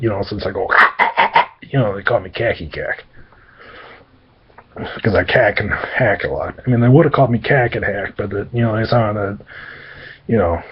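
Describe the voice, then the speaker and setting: A man's voice: lowish voice, husky, muffled recording. A man doing a rambling eccentric imp. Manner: rambling, chattering. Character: eccentric little male demon imp.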